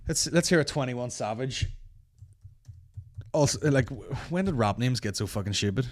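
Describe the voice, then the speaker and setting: A man hosting a comedy podcast, ranting in a sweary, animated, mocking way. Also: mid-range voice, moderate pace. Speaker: podcast host.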